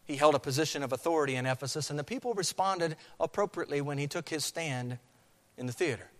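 Preaching on a scripture passage, this man speaks quickly in a higher register and dramatically acts out crowd chants. A long hall reverb trails his words.

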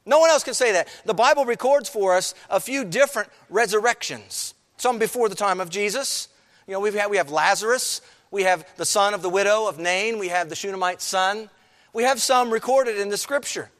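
High-voiced pastor preaching, big echoey church hall, goes quiet then loud. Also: male voice, moderate pace. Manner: preaching, rising and falling with emphasis, addresses the congregation. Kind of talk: sermon.

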